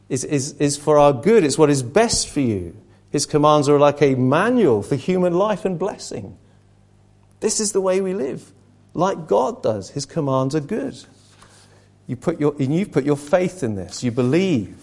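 A man's voice: a little high, darkish tone. An earnest man preaches to a small gathering in an easy, conversational way. He often stumbles and restarts mid-sentence, telling stories to make his point. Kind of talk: sermon to a small group.

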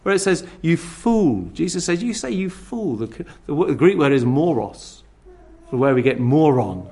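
A man delivering a sermon in a rather high voice that rises and falls with lots of movement. His tone has a gravelly, creaky texture. He drops from strong emphasis to hushed asides and slips into scornful character voices as he makes his points. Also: normal speed. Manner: expressive, swings between loud emphasis and near-whispered asides; acts out scornful attitudes in quoted voices. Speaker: preacher.

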